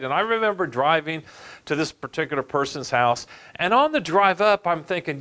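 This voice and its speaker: Animated man, higher-pitched advisor. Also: a little fast. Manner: animated, addresses listeners as folks. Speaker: retirement benefits advisor. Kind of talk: storytelling presentation.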